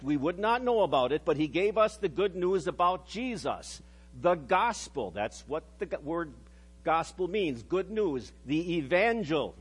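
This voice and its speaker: A middle-aged pastor with a high-pitched, slightly rough voice delivers a sermon earnestly. He slows down to stress the phrases that matter and drops low and quiet for the solemn lines.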